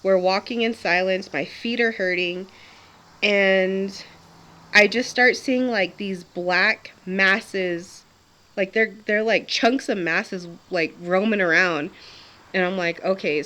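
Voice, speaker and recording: A woman's voice: mid-range voice, slow, pushed and bright. A young adult woman telling a personal story in a chatty, casual way, with frequent laughs, fillers and restarts.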